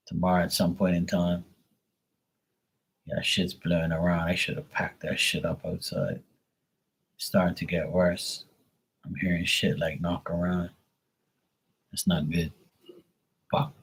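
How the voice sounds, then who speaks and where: A man's voice: low voice, slightly rough. A man hosting a live stream, chatting in a rambling, laid-back way and swearing often. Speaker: livestream host. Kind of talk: casual chat.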